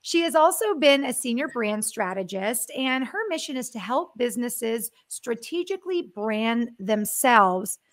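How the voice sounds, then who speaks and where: A woman's voice: a little high, expressive, measured pace, hardly any pauses. A woman hosting a marketing webcast, reading a sponsor message and introducing a guest in an upbeat, enthusiastic way that breaks into easy laughter. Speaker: show host.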